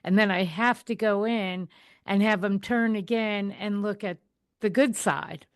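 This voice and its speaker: A woman hosting a podcast chats casually with her guest, offering frequent small affirmations and sharing her own view. Her voice is mid-pitched and sounds close and dry, with no room echo. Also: unhurried, clear, resonant tone. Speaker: podcast host. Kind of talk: casual interview chat.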